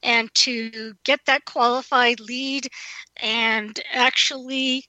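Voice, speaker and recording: A woman's voice: on the high side, level tone, slow pace, pushed and bright, no echo, dull audio. A woman hosting an interview, summing up her guest's points and asking follow-up questions. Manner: summarizing, affirming questions. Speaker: interviewer, host.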